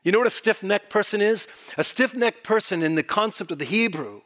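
Male preacher, higher-pitched, emphatic sermon style with dramatic quiet drops. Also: animated, a little fast, hardly any pauses. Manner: emphatic, varying pace and volume, drops to near whisper.

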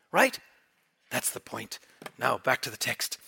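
A man's voice: medium pitch, big pitch swings, unhurried, creaky, long pauses, sharp tone, breathy edge. A man preaching a sermon, reading scripture aloud and pressing the congregation with emphatic rhetorical questions.

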